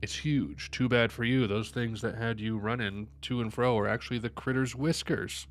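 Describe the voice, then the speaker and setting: A man's voice: mid-range voice, steady tone. A man streaming live, reading manga panels aloud and reacting between lines, sleepy and yawning. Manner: reads every character's lines aloud between quick reactions.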